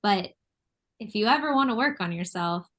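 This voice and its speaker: A woman's voice: mid-range voice, expressive, normal speed, a bit bright. Thoughtful American woman, chatty guest. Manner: thoughtful, laughs often. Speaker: artist and designer, podcast guest. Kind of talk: casual chat. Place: New York.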